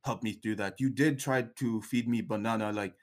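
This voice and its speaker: A man's voice: fairly low pitch, steady tone, moderate pace, lightly acted. A man voicing a male zoo monkey who talks in broken, clipped street grammar. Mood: earnest. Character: gruff male zoo monkey, touchy then grateful.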